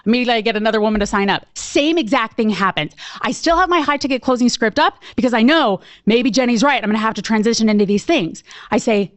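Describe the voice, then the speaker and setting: Animated lady coach telling a sales story, high voice, dry sound. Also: fast talker, hardly any pauses, no echo. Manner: animated, acts out her own reactions. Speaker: sales coach presenting a webinar. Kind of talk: storytelling presentation.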